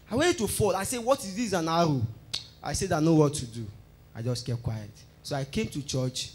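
A man giving an animated testimony at a church service, acting out the conversations he describes. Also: fairly high pitch. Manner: excited, tells the story by acting out dialogue.

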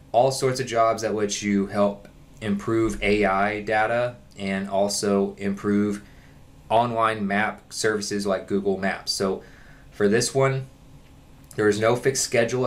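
A man giving a casual walkthrough of an online job listing, reading parts aloud and explaining them. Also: lowish voice. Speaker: online jobs vlogger. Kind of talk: casual screen-share walkthrough.

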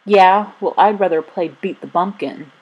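A woman's voice: mid-range voice, moderate pace, husky, lo-fi sound, lightly acted. A woman reading the lines of a boy who bullies and taunts a newcomer, in a storybook reading. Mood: taunting. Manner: shouting, jeering. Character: bullying London boy, loud and taunting.

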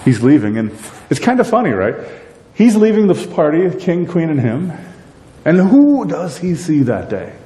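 A middle-aged man preaching a sermon as pastor, animated and joking, acting out characters and asking the congregation questions. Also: normal speed. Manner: animated, acts out characters in quotes; jokey, asks the congregation questions. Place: church sanctuary. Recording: echoey church hall, faint rumble.

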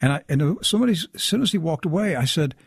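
A man's voice: a little high, fast talker, creaky, breathy edge, no room sound, clean studio sound. A man telling a long personal story in casual talk, acting out the people he quotes. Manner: animated, acts out quoted dialogue. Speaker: guest storyteller.

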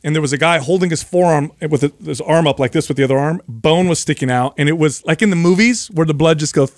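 A man co-hosting a podcast tells a story with animated energy, jumping into the voices of the people in it. His voice sits a little high and sounds close and dry. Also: fast talker, no room sound. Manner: animated storyteller who acts out screams and reactions. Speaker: podcast co-host. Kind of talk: casual chat.

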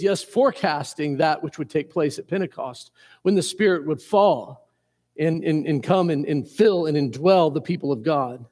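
Male pastor from Indiana, higher voice, earnest sermon delivery with frequent restarts, recorded in a long-reverb church hall. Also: darkish tone. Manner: earnest, repeats words and restarts often, chuckles at himself. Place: church sanctuary.

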